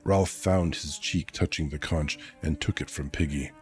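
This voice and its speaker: A man's voice: rumbling low, steady tone, normal speed, soft background music. A man streaming a casual read-aloud of a novel, chatting in asides and correcting his own slips.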